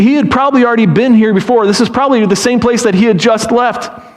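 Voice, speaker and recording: Male pastor, high voice, lively sermon storytelling with acted-out pleas, frequent restarts. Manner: animated storytelling, acting out pleading voices; repeats words and restarts phrases.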